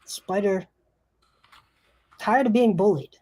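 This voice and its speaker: A woman narrating a tabletop role-playing game as game master, in a halting way with frequent restarts. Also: medium pitch, dark tone. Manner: halting, many fillers and restarts.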